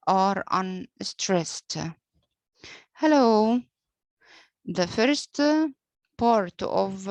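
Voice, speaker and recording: Woman teacher, Arabic first language, very slow lecture with many pauses and fillers, dry sound. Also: medium pitch, dry recording. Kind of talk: lecture on poetic meter.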